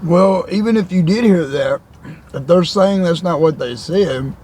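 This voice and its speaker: A man's voice: high voice, unhurried, darkish tone, a little hiss or hum. A middle-aged father in casual chat with his daughter, asking short questions that draw out her story. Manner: asks short probing questions. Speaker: father and vlog host.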